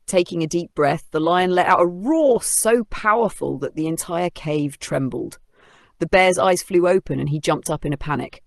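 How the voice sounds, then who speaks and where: A storyteller narrating an animated children's story in an expressive way. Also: medium pitch, a little slow, vocal fry, dry recording, studio quality.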